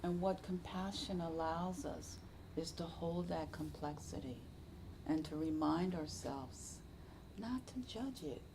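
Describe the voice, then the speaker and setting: Low, gravelly woman giving a dharma talk. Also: background noise. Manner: slow, reflective, often softly whispery. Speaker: meditation teacher. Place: meditation center hall.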